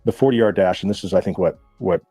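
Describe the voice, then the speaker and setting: Man, fast casual storytelling, profane, low husky voice, dry close sound. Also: no echo, soft background music. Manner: profane, animated anecdotes with laughs. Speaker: guest.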